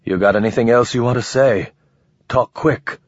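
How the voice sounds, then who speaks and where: A man reading a story, voicing a calm, cold-blooded man who speaks quietly and evenly. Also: medium pitch, normal speed, no echo, dull audio, close to an everyday voice. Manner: quiet and level.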